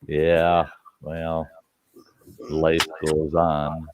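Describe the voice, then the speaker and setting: A man's voice: rumbling low, monotone, drawn-out words, a little hiss or hum. A man hosting a late-night live stream. He tells stories in casual chat, laughs often and swears freely. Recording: dull lo-fi stream audio.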